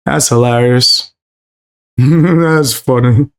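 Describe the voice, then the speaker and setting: A man's voice: medium pitch, extremely slow. A man reacting to the clip on a stream with wry, incredulous remarks. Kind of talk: reaction commentary.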